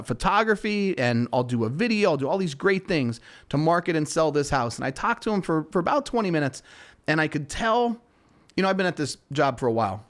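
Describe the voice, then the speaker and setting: A man's voice: a little high, a bit bright. A man who hosts a real estate show, casually telling a personal story in a rambling, self-deprecating way, with lots of restarts. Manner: rambling, with frequent restarts and fillers. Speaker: real estate broker, podcast host.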